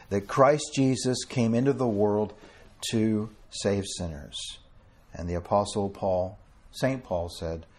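Husky-voiced man preaching a fervent sermon. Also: on the low side, a little mellow. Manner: earnest, fervent, often slowing to stress scripture; quotes King James scripture with a chuckle between.

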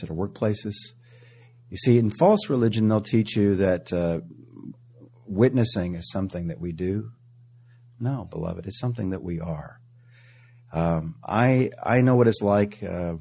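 A man's voice: sits low, mellow, breathy edge. A man preaching a sermon in a church, earnest and often chuckling, rising to emphatic declarations.

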